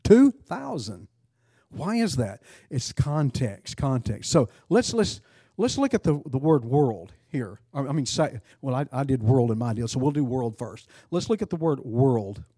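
A man leading a Bible study class, talking casually and putting questions to the group. His voice is mellow and warm at a middle pitch. The recording is dry, with little room sound. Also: animated, moderate pace, few pauses, husky, dry recording. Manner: conversational, quizzes the class, frequent restarts. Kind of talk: interactive Bible class teaching.

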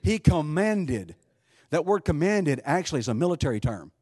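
A man's voice: on the high side, sing-song, normal speed, dark tone, slightly rough, no echo. A man preaching a sermon, emphatic, asking rhetorical questions and often restarting his sentences.

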